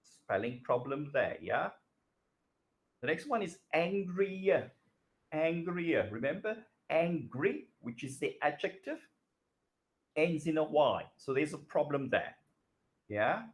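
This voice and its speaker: A middle-aged man teaching a recorded grammar lesson, slow and patient, repeating phrases and asking the students questions. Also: fairly high pitch, very animated. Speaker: English teacher.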